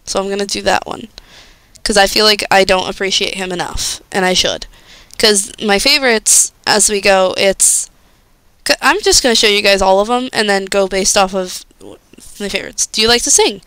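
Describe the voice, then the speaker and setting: A woman's voice: medium pitch, fairly bright tone, clear, resonant tone, no echo. A young woman chatting casually on a live stream, bubbly and gushing, often squealing with delight.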